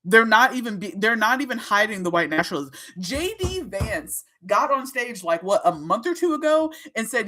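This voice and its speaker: A woman hosting her own livestream, talking straight to her chat in a casual, animated way, laughing often and swearing freely. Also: fairly high pitch, moderate pace, hardly any pauses. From Minnesota. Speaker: livestream host.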